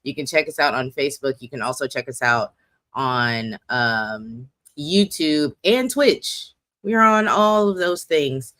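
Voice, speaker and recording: Chatty, slow-talking forty-year-old host. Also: mid-range voice, fairly bright tone, dry recording. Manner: chatty, rambling and self-mocking. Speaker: host of a poetry slam's monthly livestream. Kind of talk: casual livestream chat.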